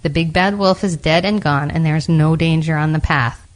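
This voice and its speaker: A woman's voice: low-pitched, normal speed, lightly acted. A woman doing a firm, triumphant hunter. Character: brave, determined male hunter.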